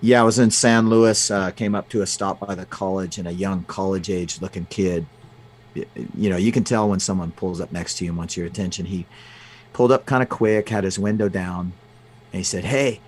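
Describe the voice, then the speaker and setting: A man with a low, steady voice is a guest in an interview, telling personal stories conversationally. He speaks haltingly, restarting often and using lots of fillers.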